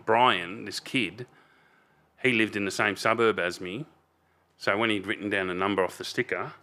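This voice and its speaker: Casting note: Australian man, 50s, low voice, rambling podcast guest with blunt swearing. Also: pushed and bright. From Melbourne, Australia. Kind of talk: casual storytelling.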